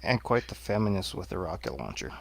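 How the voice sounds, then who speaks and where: A man's voice: sits low, sing-song, fast, creaky, a crowd in the background. A man co-hosting a casual film review chat, dropping wry, sarcastic asides. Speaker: radio show co-host.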